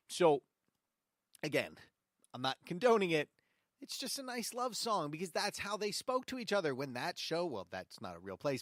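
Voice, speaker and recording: A man hosting a show-tune radio program, chatting casually with mock-angry rants and quick apologies. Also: on the high side, dry recording, studio quality. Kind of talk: casual commentary on show tunes.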